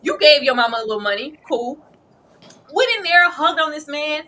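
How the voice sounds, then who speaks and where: A woman hosting a casual chat show, talking in an animated, emphatic way full of slang. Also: high-pitched, moderate pace. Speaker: host.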